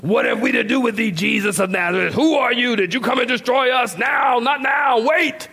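Guy putting on a freaked-out demon, yelling high and frantic. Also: moderate pace, gravelly, slightly rough, exaggerated voice. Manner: shouting, frantic. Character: shrieking panicked male demon spirit.

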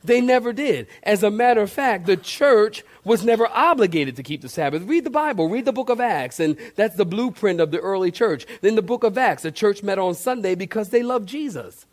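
In a church, a man sermonizes as pastor in a voice that sits high, talking fairly quickly with hardly any pauses. He addresses the congregation directly and animatedly, now and then acting out a shout.

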